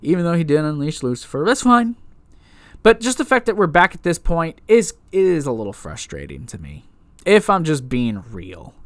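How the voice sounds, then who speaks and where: A man reviewing a TV episode in a casual rant, exasperated and animated, often restarting his sentences. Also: fairly high pitch, moderate pace, no echo.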